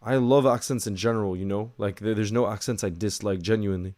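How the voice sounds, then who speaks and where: A man's voice: on the low side, fairly even intonation, quick pace, a little mellow. A man with a Northern Irish accent chatting casually through a live match watchalong, greeting viewers and answering their questions.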